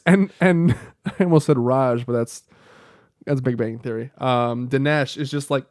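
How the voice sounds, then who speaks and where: A young man co-hosting a casual chat, swearing freely and getting worked up into rants that turn to shouting. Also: mid-range voice, moderate pace, clear, resonant tone, no echo, studio quality. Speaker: podcast co-host.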